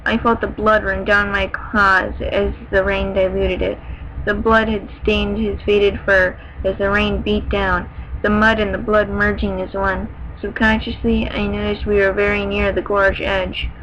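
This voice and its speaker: A woman's voice: medium pitch, flat delivery, a little slow, fairly bright tone, muffled recording, slight background noise. A woman reading fan fiction aloud in a dramatic way, breaking off now and then for wry, joking asides. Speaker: fanfiction reader.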